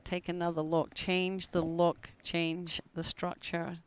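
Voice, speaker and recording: Lower-voiced analytical woman commentator. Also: flat delivery, slow, smooth. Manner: analytical, laughs easily. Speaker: platform tennis commentator. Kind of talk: live sports commentary.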